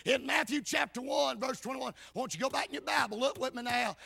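A man preaching a hollering revival sermon in church, shouting and punctuating every line with amen and hey. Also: very high-pitched, fast, vocal fry, few pauses, husky, dry recording, clean studio sound.

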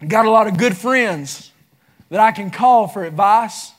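A man preaching a sermon, building into fervent shouts. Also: high-pitched, unhurried. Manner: impassioned, rising into shouts.

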